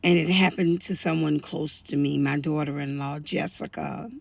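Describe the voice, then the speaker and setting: A woman's voice: sits low, fairly even intonation, moderate pace, creaky, no room sound. An older woman telling a family story as personal testimony, earnest and pleading as she warns other women. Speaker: storyteller sharing a family account.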